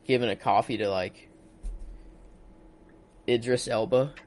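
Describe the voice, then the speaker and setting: An excitable young man chatting casually about a film at an ordinary middle pitch. He jumps in with gasps and exclamations as scenes come up. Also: measured pace. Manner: excitable, reacts with gasps and 'oh my God'. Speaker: co-host discussing a film. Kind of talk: casual chat.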